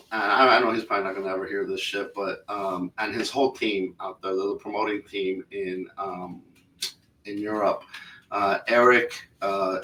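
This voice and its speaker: A man co-hosting a podcast and telling an animated, profanity-laced story. His voice has a bright edge. It is recorded a little off-mic in an echoey room. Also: lowish voice, distant mic, a little hiss or hum. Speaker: podcast co-host. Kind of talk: casual storytelling chat.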